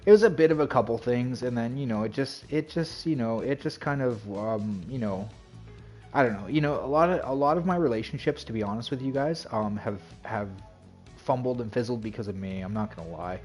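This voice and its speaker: This game streamer rambles through casual chat on his stream, leaning on filler words and cutting himself off. His mid-range voice has a darkish tone and a brisk pace, with faint music in the background.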